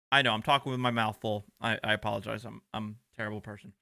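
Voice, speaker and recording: Man, livestream commentator, sarcastic, profane, bright tone, dry sound. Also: lowish voice, steady tone, fast, creaky, hardly any pauses, no room sound. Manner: sarcastic, profane, talks over clip. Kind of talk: reaction commentary on court footage.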